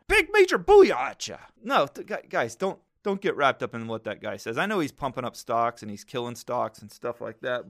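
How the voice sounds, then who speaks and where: A man's voice: medium pitch, fairly bright tone. A man hosting a podcast, chatting casually and rambling cheerfully while giving trading advice to listeners.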